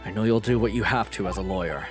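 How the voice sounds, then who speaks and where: A man voicing a stern young male prosecutor in a lowered, measured, menacing tone. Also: music in the background, lightly acted. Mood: cold.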